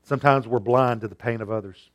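A male pastor preaching an earnest sermon, moving between emphatic and hushed delivery. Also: mid-range voice, fast.

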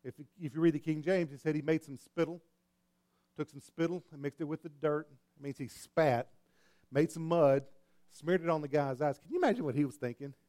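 A man preaching a sermon in a church, animated and repetitive, with sudden swings between quiet and loud. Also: on the high side, fairly quick. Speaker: pastor. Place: church hall with congregation.

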